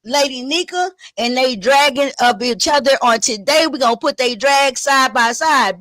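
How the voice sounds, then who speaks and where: A high-pitched woman, hosting a live stream in loose, animated chatter. She swears freely and retells online drama with dramatic flair. Her voice sounds close and dry, with little room around it. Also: moderate pace, few pauses, dry recording. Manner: animated, profane, dramatic retelling with gasps and laughs. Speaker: YouTube commentary host. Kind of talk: casual live-stream commentary.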